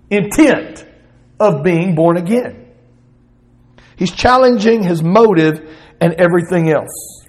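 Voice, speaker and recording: Man, southern accent, high voice, preaching, animated. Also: a little slow, pauses often, low-quality recording. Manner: expressive preaching, voicing Jesus in bursts. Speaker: pastor. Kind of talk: sermon.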